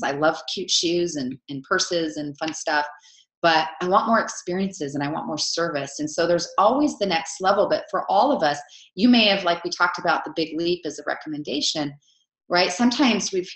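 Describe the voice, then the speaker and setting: Low-voiced woman coach, chatty and heartfelt, roomy sound. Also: normal speed. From Utah, USA. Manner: chatty, warm storytelling with many "right?" asides. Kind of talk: live online coaching session. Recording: roomy echo.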